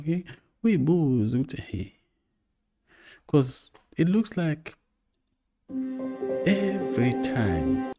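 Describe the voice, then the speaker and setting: A man's voice: mid-range voice, mellow. A man giving reflective, hesitant commentary, switching between languages. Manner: reflective, hesitant, many fillers. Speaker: commentator host.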